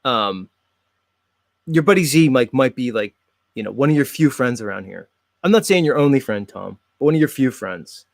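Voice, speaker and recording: A man's voice: mid-range voice, lively intonation, normal speed, creaky, no room sound. A man hosting his own show, chatting casually and talking straight to his viewers while he comments on videos. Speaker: host.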